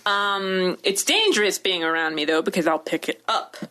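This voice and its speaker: A woman's voice: on the low side, animated, moderate pace, pushed and bright. Rambling woman podcast co-host. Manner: rambling, full of "like" fillers. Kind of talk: casual chat.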